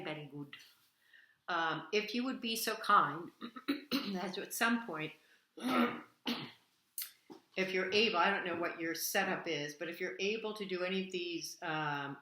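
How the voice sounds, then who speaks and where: A woman voice teacher giving a singing lesson over video, coaxing her student with pet names and sung demonstrations. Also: on the low side. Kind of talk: online singing lesson, demonstrating vocal exercises. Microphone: camera framed at chest height. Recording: echoey room with loud piano.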